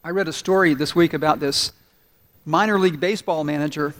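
A man preaching a sermon, telling a story earnestly and slowing down to stress key points. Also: fairly high pitch, a bit bright. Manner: earnest, storytelling, slows down for emphasis. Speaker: pastor.

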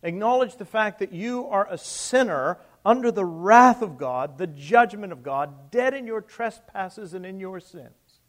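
Emphatic preacher man, fairly high voice. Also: lively intonation, measured pace, few pauses. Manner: emphatic, with rhetorical questions and swings between loud and soft. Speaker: pastor. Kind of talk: sermon.

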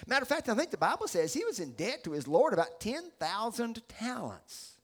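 A middle-aged pastor preaching a sermon, animated and acting out the characters he describes. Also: very high voice, brisk, breathy edge. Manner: animated storytelling, acts out voices.

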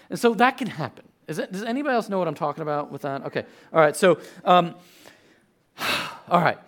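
A man in his thirties giving a sermon as a pastor, chatty and animated, telling stories with sudden loud outbursts. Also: fairly high pitch, fairly quick.

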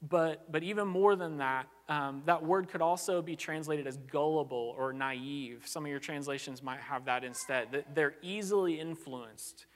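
Earnest preacher in a reverberant hall. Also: male voice, a little high, normal speed, hardly any pauses. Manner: earnest, conversational, frequent "like" and restarts. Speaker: pastor. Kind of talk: sermon.

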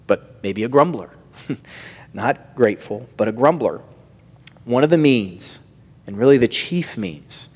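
A man preaching a sermon, swinging from emphatic lines down to hushed, near-whispered phrases. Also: lowish voice, breathy edge. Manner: wide swings of loudness, dropping to near-whisper on key phrases. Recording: long reverb of a large hall.

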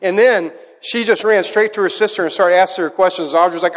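A middle-aged man preaching a sermon, telling family stories with animated delivery. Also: sits high, fairly quick. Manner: animated storytelling, acts out a child's voice in quotes. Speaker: pastor. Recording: long hall reverb.

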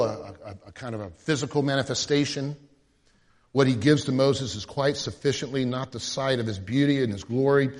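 A male pastor with a mid-range voice preaches animatedly, acting out the voices of the people he quotes. A long reverb tail trails his words.

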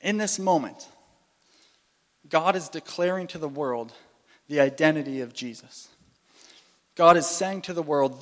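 Male preacher, sermon, somewhat high voice, animated with restarts, long hall reverb. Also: normal speed. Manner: animated, restarts and repeats phrases, playful asides.

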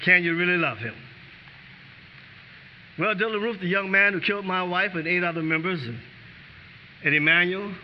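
Older male preacher, high-pitched voice. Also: muffled recording, slight background noise. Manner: preaching with rhetorical questions, rising to fervent heights. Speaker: pastor. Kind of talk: sermon.

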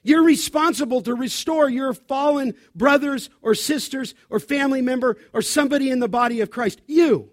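High-voiced man preaching with urgent force. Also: normal speed, few pauses, no room sound, studio quality. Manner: urgent exhortation, shifting between loud and quiet. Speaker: pastor. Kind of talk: sermon.

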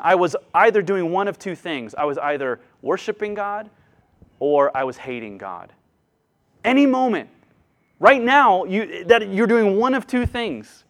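A middle-aged man preaching a sermon as pastor, earnest, acting out quoted voices and swinging from loud emphasis to hushed asides. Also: high voice.

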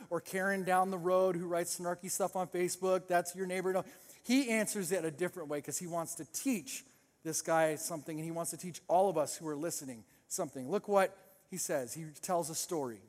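A man with a high voice preaches to a congregation and acts out the characters with sarcastic voices. His voice carries a long reverb from a large church hall. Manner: animated storytelling, acting out sarcastic voices. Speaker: pastor. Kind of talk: sermon.

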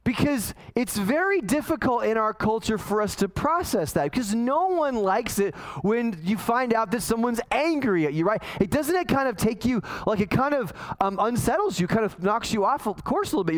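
A man's voice: very high-pitched, sing-song, moderate pace, hardly any pauses, poor audio. A man in his forties preaching a conversational sermon, telling a self-deprecating family story with frequent restarts. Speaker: pastor.

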